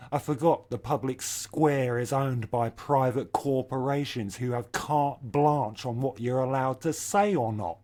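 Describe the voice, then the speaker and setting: A middle-aged man delivering a scripted satirical rant in a sardonic, profane, deadpan way. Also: mid-range voice, measured pace, hardly any pauses. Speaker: comedy ranter.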